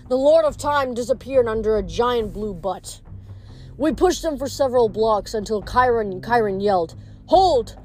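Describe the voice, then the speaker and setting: A woman reads a novel aloud in a casual, unpolished way, sometimes tripping over words and starting them again. Her voice sits a bit high. Faint music plays quietly behind her. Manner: casual reading with frequent slips and restarts. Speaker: reader.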